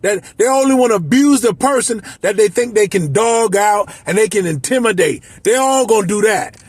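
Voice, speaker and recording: A man in his fifties from Miami, a life coach, delivering an impassioned, profane, shouting monologue. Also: high voice, animated, moderate pace, husky, no echo. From Miami, United States. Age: 50s. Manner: shouting, profane, emotional ranting.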